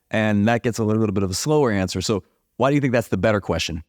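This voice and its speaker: A man hosting an interview podcast, talking enthusiastically with quick restarts. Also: on the low side, a little mellow, dry recording, studio quality. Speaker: podcast host. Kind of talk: interview conversation.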